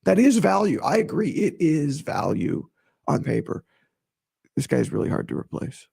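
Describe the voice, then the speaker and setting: Male podcast host, strained gravelly voice, husky and high-ish, animated and emphatic. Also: moderate pace. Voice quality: raspy, gravelly. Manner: animated, emphatic, repeats himself. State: strained, recovering voice. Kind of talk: casual solo podcast talk.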